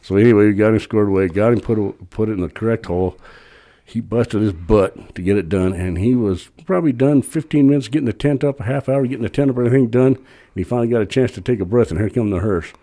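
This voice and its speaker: Guest storyteller, man, low mellow voice, rattles through a rambling anecdote. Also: quick pace. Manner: rambling, plain-spoken, acts out his own quotes. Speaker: podcast guest telling a story; cemetery worker. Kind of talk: casual storytelling.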